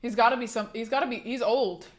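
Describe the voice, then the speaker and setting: A woman's voice: on the high side, fast. A young woman livestreamer chatting casually to her viewers, swearing freely and restarting her sentences often. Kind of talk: casual chat to stream viewers.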